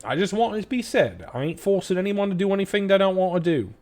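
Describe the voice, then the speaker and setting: A woman's voice: mid-range voice, sing-song, fast, darkish tone, faint music behind, voice pushed up, natural voice. A man voicing a brash, foul-mouthed woman who runs an elevator crew, swearing freely and talking bluntly. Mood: teasing. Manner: crude, swears a lot, blunt.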